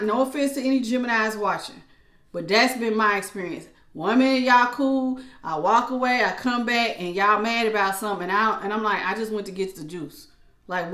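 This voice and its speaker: A woman reads tarot cards in a loose, chatty way, with features. She slips into acted-out asides as she explains. Her voice sits at a middle pitch and echoes around the room. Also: fairly bright tone. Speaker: tarot reader. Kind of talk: casual tarot reading.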